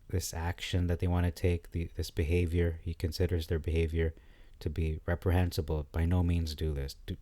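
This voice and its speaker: A man giving casual commentary on scripture, thinking aloud with frequent pauses, fillers and restarts. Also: rumbling low, warm tone, no echo.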